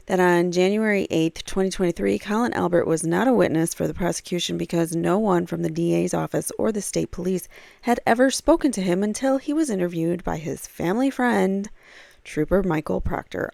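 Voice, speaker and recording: Woman talking true crime, kinda gravelly voice, lots of ums while she reads stuff out, dry close sound. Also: on the low side, a little mellow, dry recording. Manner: reads aloud with frequent fillers and asides. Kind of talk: casual commentary reading from a blog.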